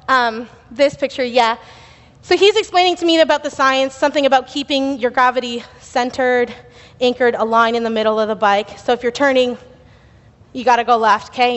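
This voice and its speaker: Young woman preaching, high voice, chatty with lots of fillers, big echoey church hall. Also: fairly bright tone. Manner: chatty storytelling with laughs and fillers. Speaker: youth speaker at church. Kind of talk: sermon with personal story. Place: church sanctuary.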